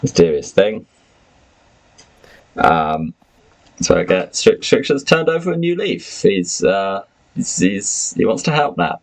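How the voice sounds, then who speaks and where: This low-voiced podcast host, who also runs the game, is very animated yet takes his time, pausing often on a low-quality recording. He casually recaps a tabletop session with friends, rambling, laughing frequently, and leaning on lots of fillers.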